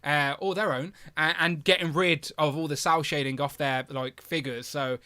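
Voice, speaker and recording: A man's voice: a little high, normal speed, clear, resonant tone. A man hosting a live stream, chatting casually and enthusiastically with lots of fillers. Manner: animated, with big jumps in loudness. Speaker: host of a toy review live stream.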